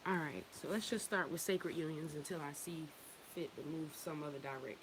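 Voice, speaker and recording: There's background noise as a low-voiced woman, talking a little fast, hosts a relaxed spiritual livestream. Her talk is heartfelt and profane, full of stops and fresh starts.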